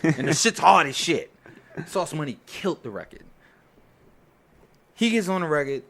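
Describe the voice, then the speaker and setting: A man's voice: fairly high pitch, normal speed. A man, a record producer, telling studio stories in a casual interview, swearing freely and acting out the people in them. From New York. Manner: animated storyteller, acts out quoted voices, swears freely.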